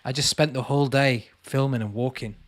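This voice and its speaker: A man's voice: medium pitch, fairly even intonation, fairly quick, dry recording. A man hosting a casual livestream, reading out viewers' comments and chatting back to them. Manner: chatty, calls viewers mate, reads comments aloud. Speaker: channel host answering live chat.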